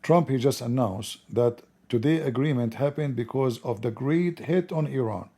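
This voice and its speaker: Male online commentator, hoarse and raspy, mellow tone; rambling, chuckling delivery. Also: mid-range voice, moderate pace. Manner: chuckling, rambling, mocking asides. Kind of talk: casual spoken commentary.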